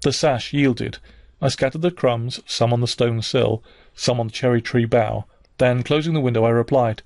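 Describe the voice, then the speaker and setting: A man reads a classic novel aloud in a measured, even voice. The sound is dry and close, with no room around it. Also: mid-range voice, creaky, dry recording. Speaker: audiobook reader. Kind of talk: scripted narration of a classic novel.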